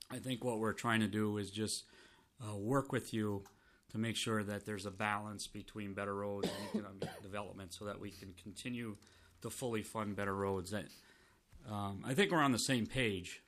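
A man, a state transportation commissioner giving formal testimony to a committee. He is losing his voice and keeps clearing his throat, and he speaks in a measured way with restarts. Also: lowish voice, steady tone, fairly bright tone.

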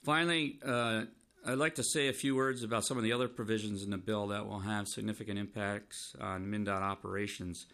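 Hoarse man testifying formally. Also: lowish voice, steady tone, pushed and bright. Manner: measured, with frequent restarts. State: losing his voice, clearing throat. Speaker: state transportation commissioner testifying.

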